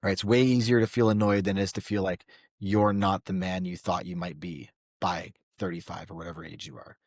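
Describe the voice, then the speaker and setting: A man's voice: low voice, level tone, fairly quick, no echo, clean studio sound. A man working as a men's coach, a guest on a podcast, explaining things in an earnest way with repeated checks like "right?". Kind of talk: casual podcast conversation.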